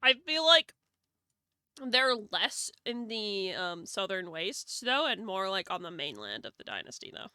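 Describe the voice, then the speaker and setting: A woman's voice: medium pitch, very animated, measured pace, sharp tone, smooth, dry recording. A woman streamer chatting casually while building a fantasy world, joking and swearing, laughing often. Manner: joking, profane, laughs a lot.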